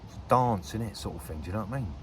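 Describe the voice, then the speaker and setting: A man's voice: on the low side, animated, racing, a bit bright, a little hiss or hum. A man chatting casually to camera while fishing outdoors by a lake, rambling, swearing freely and laughing often. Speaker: angler vlogger.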